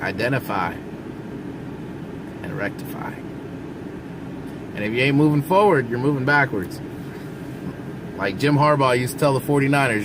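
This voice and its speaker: A man's voice: mid-range voice, moderate pace, pauses often, background noise. A man who drives trucks, giving blunt, folksy advice straight to his viewers from inside his truck cab. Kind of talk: casual advice monologue.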